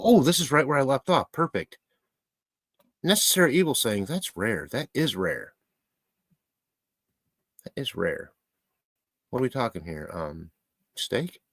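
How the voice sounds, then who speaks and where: A man's voice: on the high side, fairly bright tone, dry recording. Rambling, joking man live-streaming. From Michigan, USA. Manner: rambling, joking, talks to his pet. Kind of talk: casual live-stream chat reading comments.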